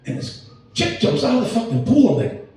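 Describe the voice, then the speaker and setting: With an extremely high, sing-song voice that's dark in tone and fairly quick, a comedian in his late forties rambles through a crude open-mic set. He swears constantly and interrupts himself, captured by a mic set back in an echoey room.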